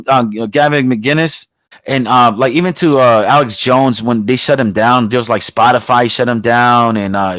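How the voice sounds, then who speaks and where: A man's voice: mid-range voice, a bit bright, dry recording. A man hosting a podcast, delivering a heated political rant that is full of swearing and rambling restarts. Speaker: podcast host.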